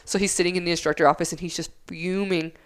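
A woman's voice: on the low side, fairly even intonation, quick pace, clear, resonant tone. A woman in her thirties from the United States, a former Air Force instructor, telling stories in casual podcast chat, acting out both sides of arguments and swearing freely.

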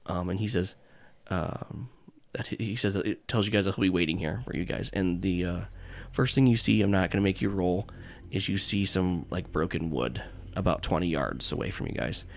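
A man's voice: low voice, normal speed, gravelly, hardly any pauses. A young man narrating as game master in a rambling, casual way with many fillers.

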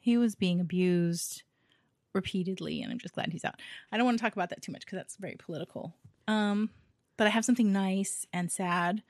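A woman's voice: mid-range voice, fairly quick, no echo. Chatty woman with a dry close sound. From Hawaii. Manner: chatty, laughs often, trails off with fillers. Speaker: podcast co-host. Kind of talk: casual chat.

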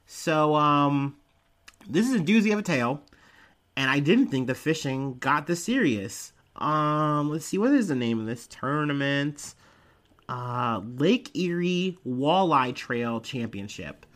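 A man's voice: fairly high pitch, lively intonation, takes it slowly, fairly bright tone. Rambling man hosting a podcast. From Ohio. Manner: rambling, profane, with frequent fillers and laughs. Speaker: podcast host. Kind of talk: casual news commentary.

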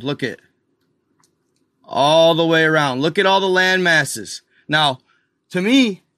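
A man hosts a casual video, walking viewers through pictures with slow, unhurried talk. His voice is bright and a little high for a man, and the sound is dry and close. He keeps pointing things out in amazement and calling his audience y'all. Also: no echo. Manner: addresses viewers as y'all, excited and incredulous. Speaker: video host. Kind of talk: casual screen-share commentary.

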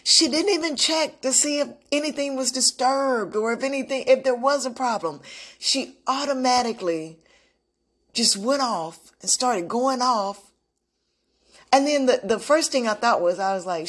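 A woman's voice: high voice, normal speed. A woman giving an unscripted, reflective talk on self-love, telling a personal story earnestly with frequent restarts. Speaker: motivational vlogger.

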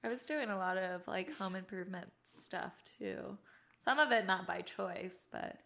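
Giggly, gravelly-voiced woman telling stories. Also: mid-range voice, normal speed. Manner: animated, laughs often, acts out her own past lines. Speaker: podcast guest. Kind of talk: casual storytelling chat.

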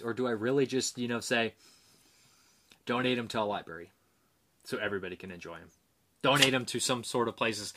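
A man's voice: mid-range voice, brisk, fairly bright tone. A man hosting a movie review show, chatting casually and reading out viewer comments in a rambling, hesitant way with many fillers. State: dry mouth.

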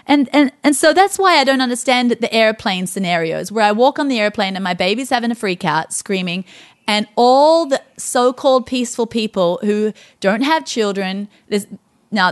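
A woman co-hosting a podcast, telling stories with animated, emphatic delivery in a casual faith talk. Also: medium pitch. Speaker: podcast co-host.

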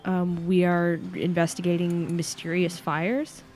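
A woman's voice: fairly low pitch, completely flat delivery, a little slow, a little mellow, soft background music. A woman playing a tabletop horror game, speaking hesitantly with many fillers.

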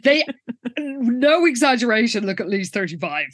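A woman's voice: fairly high pitch, sing-song, moderate pace, fairly bright tone, no room sound. A woman co-hosting a podcast, dryly summarizing a TV episode's plot with sarcastic asides. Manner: dry, wry narration of plot with sarcastic asides. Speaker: podcast co-host. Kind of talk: casual chat recapping a TV episode.

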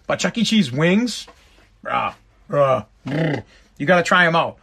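Fairly high-pitched and sharp, his voice is very animated yet a little slow, with vocal fry and slight background noise behind it. He's a vlogger and father of a school-age boy, delivering a casual, profane rant directly to viewers, frequently restarting and repeating phrases.

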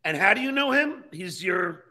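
Bright, husky-voiced male host. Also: high-pitched, lively intonation, normal speed. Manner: laughs easily, brief reactions. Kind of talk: casual chat.

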